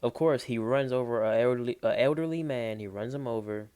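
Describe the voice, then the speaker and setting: A man reacting to clips in loose, slangy talk, incredulous and animated as he comments. He is recorded through a basic built-in mic instead of a proper microphone. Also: mid-range voice, brisk, a crowd in the background. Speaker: reaction video host. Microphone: built-in mic, not a real microphone.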